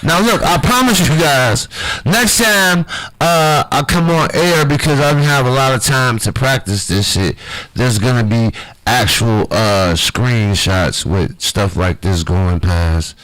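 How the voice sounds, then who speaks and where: A man's voice: medium pitch, measured pace, fairly bright tone, rough recording. A man hosting his own comedy live stream, riffing loosely and swearing freely as he tells jokes to viewers.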